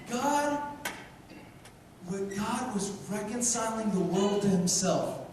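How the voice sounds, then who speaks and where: Passionate male preacher, very high voice, heavy hall echo, mic far off. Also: background noise. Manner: impassioned, repeats phrases, swings from loud to hushed. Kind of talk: sermon. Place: large church hall. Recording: echoey hall, mic far off, faint ambience.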